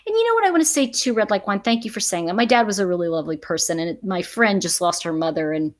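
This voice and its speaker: A woman's voice: mid-range voice, animated, fast. A middle-aged woman hosting a casual live stream, chatting with viewers in an emphatic way and laughing often. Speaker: livestream host.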